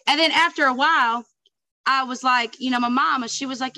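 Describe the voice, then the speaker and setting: A sassy Southern woman chatting as a podcast guest, her voice high and bright. She tells stories with lots of swearing and sprinkles "honey" through every sentence. The sound is close and dry. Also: a little fast, no room sound. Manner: sassy, calls people honey and girl; swears freely, animated storytelling. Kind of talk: casual chat.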